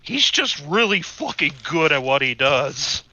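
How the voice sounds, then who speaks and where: A man's voice: on the high side, very animated, a little slow, pushed and bright, dull audio, slight background noise. A man playing a tabletop game with friends, dropping wry remarks. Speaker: player. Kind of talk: casual tabletop game chat.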